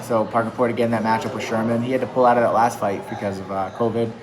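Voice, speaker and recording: Fast-talking chatty MMA coach, man. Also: lowish voice, little pitch movement, crowd noise, low-quality recording. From New England. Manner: chatty, upbeat, lots of fillers. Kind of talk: casual interview talk.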